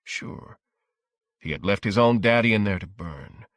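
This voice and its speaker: Low-voiced man narrating an audiobook. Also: animated, fairly bright tone, no room sound, studio quality. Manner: measured, dramatic storytelling.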